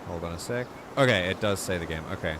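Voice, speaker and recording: A man with a deep, low-pitched voice hosts a live game stream. He talks chattily to his viewers, getting excited and often stopping to restart a sentence or fill a pause. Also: background noise. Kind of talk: casual live-stream gameplay commentary.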